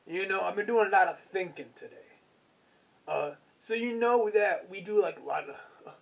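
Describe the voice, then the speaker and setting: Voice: mid-range voice, normal speed, gravelly, highs cut off, lightly acted. A puppeteer voicing a laid-back, slangy dude puppet.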